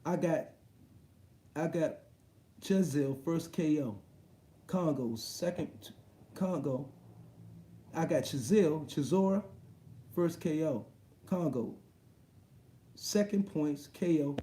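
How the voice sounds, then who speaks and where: A man hosting a live boxing stream, talking in a crude, excitable, rambling way full of slang. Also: a little high, slow, long pauses, echoey room. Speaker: boxing show host. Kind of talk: casual live-stream chat.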